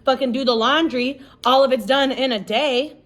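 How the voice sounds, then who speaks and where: Woman podcaster ranting casually, kinda high voice, blunt, lots of cussing and "like". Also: normal speed, a bit bright. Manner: blunt, emphatic and heavy on swearing; conversational, with lots of "like" and "you know". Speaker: podcast host. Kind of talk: casual monologue.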